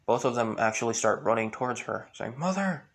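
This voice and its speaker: A man's voice: lowish voice, flat delivery, brisk, vocal fry. A man retelling a fan story in a rambling way, full of fillers.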